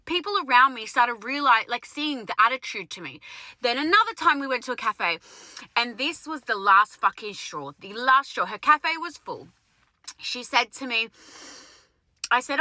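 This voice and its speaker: A woman's voice: on the high side, lively intonation, a little fast, pushed and bright, no room sound, rough recording. A young woman, a lash technician telling a blunt, sweary storytime rant.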